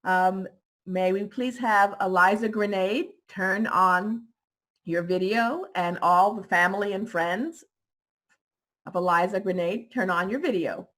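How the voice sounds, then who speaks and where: A woman moderating a virtual ceremony, calling graduates' names slowly and deliberately on a video call. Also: mid-range voice, a bit bright. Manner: slow, deliberate announcing.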